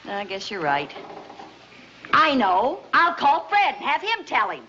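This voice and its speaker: A chummy, loyal best friend. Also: female voice, fairly high pitch, wildly swooping pitch, unhurried, pushed and bright, full character voice. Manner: chummy, reassuring. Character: loyal, good-natured friend and neighbor. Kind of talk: 1950s sitcom acting. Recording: muffled old TV soundtrack, hiss.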